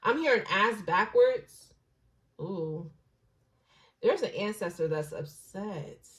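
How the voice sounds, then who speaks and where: A woman's voice: mid-range voice, lively intonation, slow, rough recording. Casual, blunt woman reading tarot. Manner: musing, drifts into soft hushed asides; slangy and blunt, with occasional swearing. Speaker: tarot reader.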